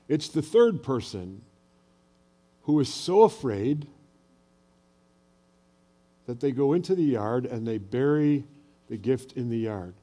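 A man's voice: mid-range voice, lively intonation, slow pace, pauses often, warm tone. An older man preaching a sermon as a pastor, telling personal stories in a conversational way and asking the audience questions.

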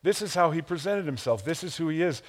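A lively male pastor delivering a sermon, his voice sitting a touch higher than most men's. He swings between hushed, intimate phrases and loud, acted-out bursts, with chuckles and playful asides along the way. He grew up around Chicago. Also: fast. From Chicago area, USA. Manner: animated, acts out quotes with big pitch jumps.

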